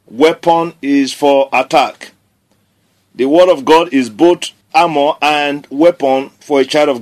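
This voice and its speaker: Man, sermon, emphatic, repetitive declarations, somewhat high pitch. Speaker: preacher.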